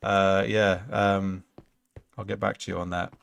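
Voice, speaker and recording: Gravelly-voiced male game streamer. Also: low voice, level tone, measured pace, fairly bright tone. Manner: rambling, thinks aloud with many fillers. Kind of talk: casual let's-play commentary.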